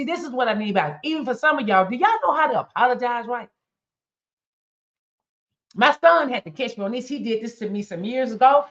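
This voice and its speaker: Emphatic woman speaker, dull lo-fi sound. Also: on the high side. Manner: emphatic, addresses audience directly with questions. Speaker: motivational speaker. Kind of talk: preaching-style motivational talk. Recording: dull lo-fi recording.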